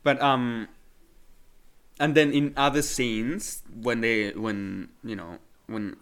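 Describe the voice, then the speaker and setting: Halting man on a film podcast. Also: mid-range voice, fairly even intonation, fairly bright tone, smooth. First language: not English. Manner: hesitant, many fillers and restarts. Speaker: podcast co-host. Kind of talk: casual film discussion.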